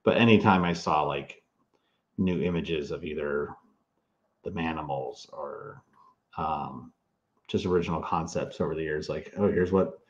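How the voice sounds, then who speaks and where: Deep-voiced man on echoey, dull audio. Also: unhurried, pauses often. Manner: rambling, many fillers and restarts. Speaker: toy historian and author, guest. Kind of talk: casual interview talk.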